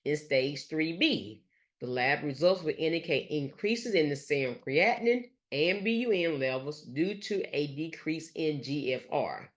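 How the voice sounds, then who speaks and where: Halting lecturer full of fillers. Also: mid-range voice, animated. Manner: halting, with frequent fillers like "let's say" and "gonna". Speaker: nurse educator. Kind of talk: recorded lecture over slides.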